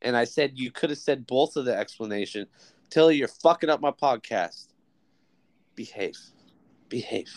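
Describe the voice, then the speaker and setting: A man's voice: mid-range voice, normal speed, a little mellow, dry recording. Young guy hosting a podcast, swears a ton, teasing his buddy, dry close sound. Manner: joking, swears a lot, teasing. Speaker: podcast host. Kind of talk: casual chat.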